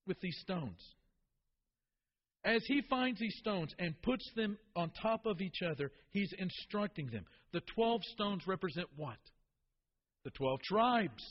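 A man's voice: sits high, in a large hall, muffled recording. A man preaching a sermon to his congregation, asking them questions and repeating key phrases for emphasis. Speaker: pastor.

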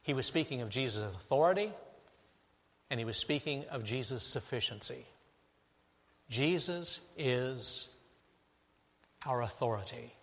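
A middle-aged man, a pastor preaching a sermon, moving between hushed, intimate passages and emphatic, rising declarations. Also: mid-range voice, animated, measured pace, long pauses. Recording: long hall reverb.

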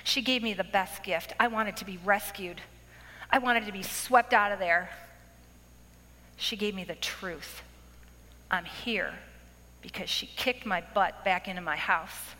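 Middle-aged woman preacher, bright tone, lively storytelling sermon, big hall echo. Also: medium pitch, measured pace, pauses often, slight background noise. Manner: animated storytelling with acted-out quotes. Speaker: speaker at a women's event. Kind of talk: testimony sermon. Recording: long hall reverb.

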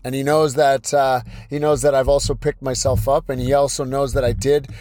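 A man's voice: mid-range voice, level tone, normal speed, darkish tone, no echo. Blunt man giving a motivational pep talk. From British Columbia, Canada. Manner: blunt, repetitive, pep-talk delivery with many restarts. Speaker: podcast host and Muay Thai coach. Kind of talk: motivational solo podcast talk.

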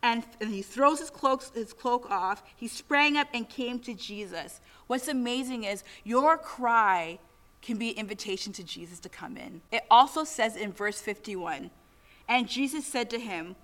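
A woman's voice: a little high, a little slow, a bit bright. A woman pastor preaching a sermon to her church, earnest and exhorting as she reads scripture and prays over the congregation.

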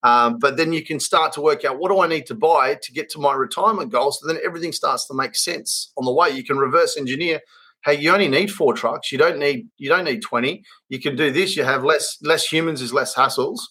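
A man's voice: fairly high pitch, fairly quick, bright, forceful tone, husky. A man with an Australian accent hosting a podcast, talking earnestly about his trade business with many restarts and rambling asides. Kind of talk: casual podcast chat.

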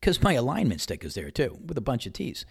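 A man's voice: mid-range voice, fast, creaky, husky, dry recording, clean studio sound. Conversational man telling a golf story. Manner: animated anecdote-telling, acts out dialogue; candid and conversational, mild swearing. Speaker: podcast host. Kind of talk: casual storytelling monologue.

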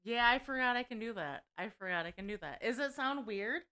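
A woman's voice: fairly high pitch, animated, fairly quick, pushed and bright. A young woman with an alto voice chatting casually on a podcast, a little unsure and apologetic. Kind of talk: casual chat.

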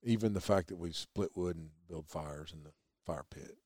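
A very low-pitched man with a drawl hosts a laid-back podcast chat. He rambles enthusiastically and jokes as he goes. The recording is close and dry. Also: moderate pace, a little mellow, no room sound. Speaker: podcast host. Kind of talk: casual chat.

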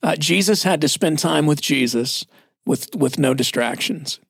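A man's voice: a little high, expressive, measured pace, vocal fry, a bit bright, slightly rough, dry recording, studio quality. A man in his forties, a pastor, telling stories in a plainspoken, self-deprecating way in a casual church podcast chat.

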